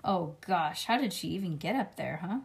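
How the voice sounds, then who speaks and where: A woman's voice: on the low side, expressive, moderate pace, creaky. A young woman reading a children's book aloud to her child, stopping for chatty, playful asides.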